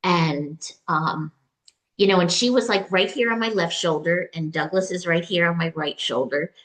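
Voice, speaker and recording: A woman with a somewhat low voice speaks as an interview guest, sharing a personal experience. Her telling is halting and emotional, full of fillers, restarts and quoted exchanges. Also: a bit bright. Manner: recounts dialogue in quoted voices. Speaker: retreat client, interview guest. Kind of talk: personal story, conversational.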